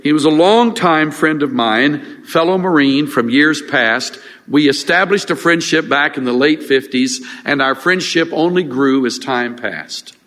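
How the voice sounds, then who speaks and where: An older man preaching a sermon as a pastor, earnest and halting, with frequent restarts and fillers. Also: a little high, a bit bright. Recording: long reverb of a large hall.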